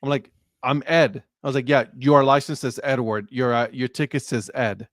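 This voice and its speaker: A man on a casual sports talk stream, telling an animated story and acting out the dialogue. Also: mid-range voice, moderate pace, dry recording, clean studio sound. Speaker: co-host. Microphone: live stream remote mic.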